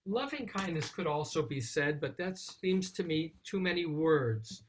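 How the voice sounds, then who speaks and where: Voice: mid-range voice, expressive, unhurried, breathy edge. A rabbi giving a Psalm study talk, reciting Hebrew verses and then translating them in a thoughtful, explaining way.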